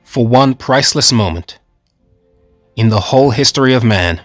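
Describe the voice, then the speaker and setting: A man's voice: medium pitch, animated, moderate pace, no echo, soft background music, natural voice. A man playing a proud president speaking formally on a phone call.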